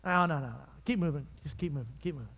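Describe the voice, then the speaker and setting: Preacher acting out a frightened, bewildered disciple. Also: male voice, very high-pitched, brisk, fairly bright tone, voice pushed up. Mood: panicked denial. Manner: frantic, pleading. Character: anguished male disciple Peter, fearful and bewildered. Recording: long reverb of a large hall.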